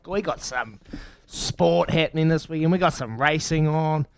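A man's voice: a little high, moderate pace, vocal fry, few pauses, smooth, no echo, soft background music. A man hosting a breakfast radio quiz, upbeat and matey, counting down answers. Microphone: studio mic.

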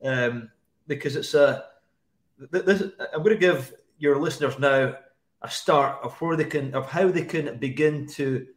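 A man's voice: on the high side, a little slow. A man who is a guest on a casual podcast, talking in a blunt, matter-of-fact way with some swearing.

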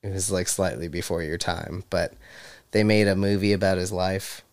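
Low, smooth-voiced man chatting casually. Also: steady tone, normal speed. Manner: chatty, trivia-sharing, laughs often. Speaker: podcast co-host. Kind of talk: casual chat.

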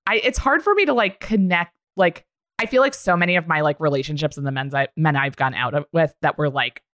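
A woman's voice: deep voice, brisk, a bit bright, dry recording, clean studio sound. A woman co-hosting a casual chat, rambling frankly in sentences that trail off. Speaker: podcast co-host.

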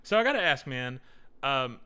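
Bright, lively-voiced man. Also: medium pitch, normal speed, smooth. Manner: animated and joking, hypes his co-host. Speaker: podcast co-host. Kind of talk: casual chat.

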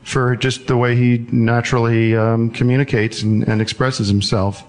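A man hosting a comedic call-in show, deadpan and mock-pompous with callers. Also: medium pitch, normal speed. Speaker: host.

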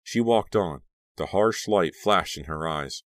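A man narrating a young-adult horror audiobook in an even, measured reading. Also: low-pitched, no echo, studio quality.

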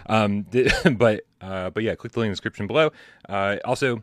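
A man hosts a live gaming podcast at a quick clip, rambling and joking through quick banter. The recording is dry and close, with no room sound. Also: fairly low pitch, a bit bright, no room sound. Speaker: podcast host.

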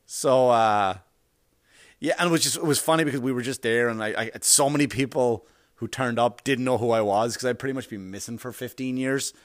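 A man's voice: mid-range voice, a little fast, no room sound, clean studio sound. A man with an Irish accent telling rambling, profane anecdotes in casual chat, often laughing as he goes. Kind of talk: casual storytelling.

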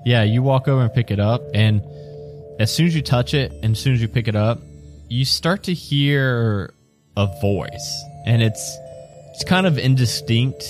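A man's voice: mid-range voice, normal speed, soft background music. A man narrating a tabletop game as game master in a descriptive way, breaking into laughter now and then. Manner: descriptive, laughs between lines.

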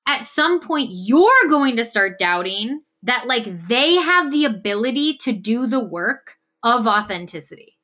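A woman co-hosts a podcast in easy, earnest conversation. Her voice sits a little high and rings bright and forceful. She strings thoughts together with frequent "like" fillers. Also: big pitch swings, measured pace, hardly any pauses. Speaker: podcast co-host. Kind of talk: casual conversational discussion.

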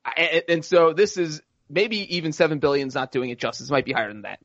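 A man co-hosting a casual sports podcast, cracking deadpan jokes and ranting. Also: a little high, fast, no room sound, dull audio. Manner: deadpan jokes, animated rants. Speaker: podcast co-host, football writer.

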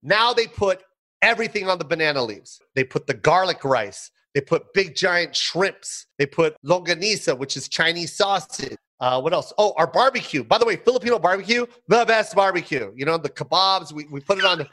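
A middle-aged man, a guest on an interview show, telling stories in an animated way with playful mock outrage. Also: high-pitched, moderate pace. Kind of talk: casual interview chat.

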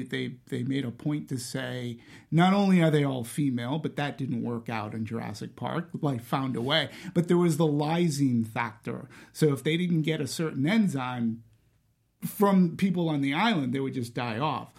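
A man co-hosting a casual film discussion, talking in an animated way with frequent restarts as he thinks aloud. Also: on the high side, moderate pace, gravelly. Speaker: podcast co-host.

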